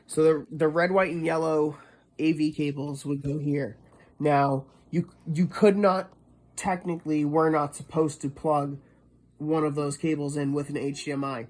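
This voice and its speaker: A man's voice: a little high, steady tone, a little slow, darkish tone. A man from the Boston area ranting casually, profane and rambling, restarting as he explains. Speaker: streamer.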